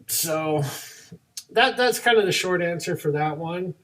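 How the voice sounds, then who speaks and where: A man's voice: on the high side, unhurried, recorded from a distance, low-quality recording. A young man, a martial arts instructor co-hosting a podcast, telling classroom stories and acting out both sides of each exchange. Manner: animated storyteller, acts out both sides of dialogues. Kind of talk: casual chat.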